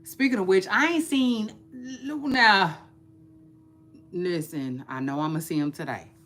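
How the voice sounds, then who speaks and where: A woman's voice: mid-range voice, slow pace, a bit bright, faint music behind. A woman vlogger chatting casually about celebrity gossip, repeating phrases and drawling her asides.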